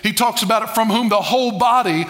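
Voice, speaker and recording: High, bright-voiced preaching man. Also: quick pace. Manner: preaches with call-and-response to the congregation; swings from loud bursts to low muttered asides. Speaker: pastor. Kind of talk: sermon.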